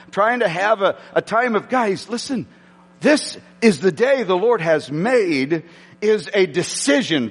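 A male pastor preaches in a church hall, his fairly high voice leaping all over the place as he pokes fun at himself. He stumbles and restarts often, and long reverb trails behind him. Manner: animated, self-mocking storytelling with many restarts. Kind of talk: sermon.

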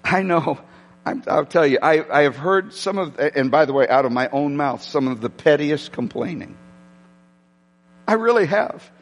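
A male pastor preaches in a church hall, his fairly high voice leaping all over the place as he pokes fun at himself. He stumbles and restarts often, and long reverb trails behind him. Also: moderate pace. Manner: animated, self-mocking storytelling with many restarts. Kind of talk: sermon.

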